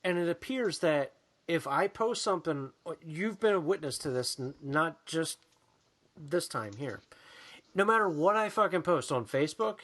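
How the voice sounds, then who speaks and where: A man's voice: fairly high pitch, a bit bright. A man co-hosting a podcast in casual, profane chat, ranting and mocking people in put-on voices. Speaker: podcast co-host.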